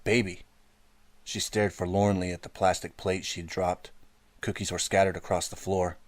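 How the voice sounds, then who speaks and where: A man narrating an audiobook in a steady first-person storytelling manner, close to the mic. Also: low-pitched, moderate pace, no room sound. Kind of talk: scripted narration.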